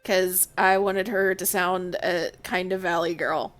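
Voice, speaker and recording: A woman's voice: on the low side, fairly even intonation, a little slow, a bit bright, soft background music. Woman game master chatting casually. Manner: candid, swears casually, laughs easily. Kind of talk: casual chat between tabletop sessions.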